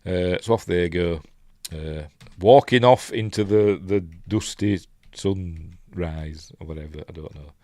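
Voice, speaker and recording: A man's voice: deep voice, unhurried, darkish tone, no room sound, clean studio sound. A Yorkshire man hosting a casual live film breakdown. He rambles, thinks aloud and reads out viewer comments. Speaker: film reviewer host.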